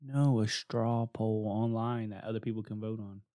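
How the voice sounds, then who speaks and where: A man's voice: fairly low pitch, fairly even intonation, moderate pace, warm tone. A man co-hosting a casual podcast chat, swearing freely and laughing through his stories. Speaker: podcast co-host.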